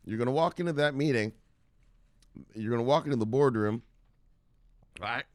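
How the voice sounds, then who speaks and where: A man's voice: medium pitch, moderate pace, no echo, clean studio sound. A man hosting a crypto news show who rants casually and profanely, laughing and acting out scenes. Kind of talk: casual rant.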